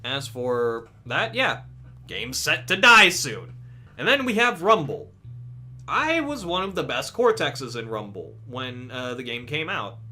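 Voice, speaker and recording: A young gaming video creator with a medium-pitched voice speaks at an unhurried pace. In his casual vlog commentary on games he's animated, swears freely, and stumbles through restarts.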